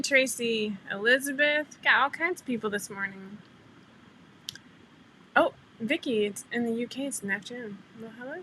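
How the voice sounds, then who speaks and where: Chatty woman on a home livestream, bright voice, kinda high, faint hum behind her. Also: rough recording. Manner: chatty, laughs often, greets viewers by name. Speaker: livestream host. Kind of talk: casual livestream chat.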